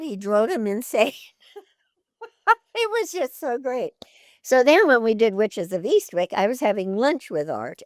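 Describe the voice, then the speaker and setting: An older woman with a lowish voice recounts her stories in a lively interview. She laughs easily and slips into the voices of the people she describes. The recording is close and dry. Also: no room sound. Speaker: interview guest, actress. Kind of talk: anecdotal interview storytelling.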